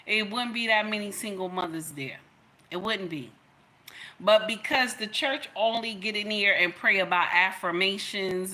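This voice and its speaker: Middle-aged woman, bright and emphatic, preaching advice to her livestream audience. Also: mid-range voice. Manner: emphatic, sermon-like, addresses viewers directly. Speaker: livestream host giving relationship advice.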